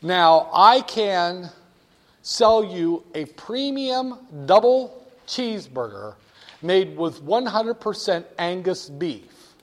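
A man's voice: lively intonation, fairly bright tone, exaggerated voice. A man playing a folksy burger server. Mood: salesy. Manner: slow, drawn-out sales pitch. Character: male burger-joint server, folksy salesman. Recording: long hall reverb.

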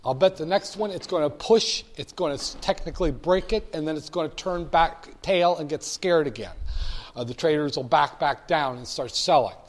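Here a man with a slightly high voice talks through stock charts at a moderate pace. He's a market commentator sharing his screen casually, tossing in wry remarks and often starting his sentences over.

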